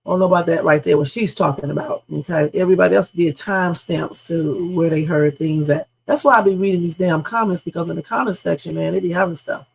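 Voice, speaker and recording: A woman's voice: on the low side, fast talker, creaky, hardly any pauses, breathy edge, low-quality recording. A woman hosting a live reaction stream, speculating emphatically with casual slang and repeating her points. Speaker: livestream host.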